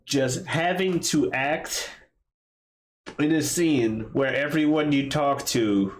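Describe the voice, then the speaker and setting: A man chatting casually about a film, animated, acting out scenes in put-on voices and swearing freely. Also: fairly high pitch, takes it slowly, a little hiss or hum. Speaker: podcast co-host. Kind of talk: casual movie discussion.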